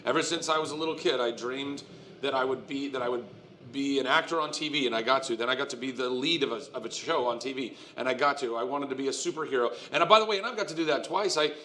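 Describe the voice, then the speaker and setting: An American man in his forties, an animated storyteller who laughs often and restarts his sentences, talking as a guest on a live convention stage. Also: medium pitch, fast talker, slight background noise. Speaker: guest actor. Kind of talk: casual stage interview.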